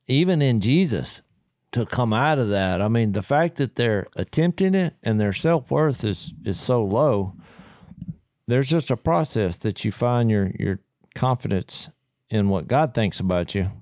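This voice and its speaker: A man with a middle-pitched voice talks through his thoughts in a casual faith podcast, paraphrasing passages as he goes. He is heard close and dry. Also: lively intonation, a little slow, darkish tone, dry recording. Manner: thoughtful, with frequent fillers and restarts. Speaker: podcast co-host.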